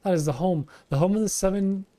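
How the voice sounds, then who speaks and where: A man voicing a small, frantic kobold creature who repeats words in shrill, excited bursts. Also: brisk, no room sound, lightly acted.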